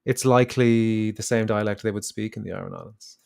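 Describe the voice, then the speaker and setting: A young Irish man co-hosting a podcast, chatting in a relaxed, talkative way. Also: on the low side, a little fast, vocal fry, smooth. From Ireland. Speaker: podcast co-host. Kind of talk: casual chat.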